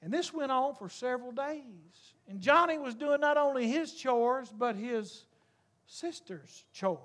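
A male preacher with a notably high voice delivers a sermon. He tells his story in a relaxed, folksy way, then climbs into fervent, shouting appeals. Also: a little slow.

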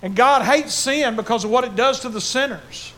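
A man's voice: extremely high pitch, moderate pace, a bit bright. An older man preaching a sermon to his church, fervent and emotional in his delivery. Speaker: pastor.

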